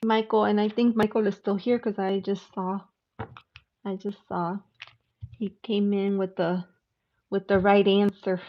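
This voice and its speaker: A woman's voice: mid-range voice, little pitch movement, unhurried, long pauses. A woman hosting a live tarot stream, chatting casually with viewers and laughing often. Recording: slightly dull lo-fi sound with faint noise.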